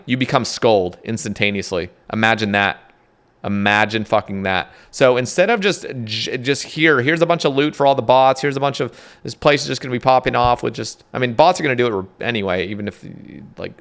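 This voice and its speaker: A young man rambling casually about game updates, excitable, swearing often, reading notes aloud. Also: mid-range voice. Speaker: gaming content creator.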